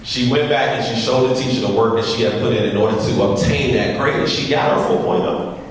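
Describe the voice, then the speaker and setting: A man's voice: medium pitch, fairly quick, a little hiss or hum. A man giving a humorous, repetitive storytelling speech, talking straight to the audience, heard from far off in a large hall. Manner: humorous, repetitive, addresses the crowd directly. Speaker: motivational speaker.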